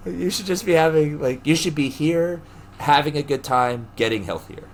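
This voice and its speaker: A young man co-hosting a podcast, telling stories in casual chat, animated, laughing often and acting out the people he quotes. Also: a little high, measured pace, a little hiss or hum. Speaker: podcast co-host.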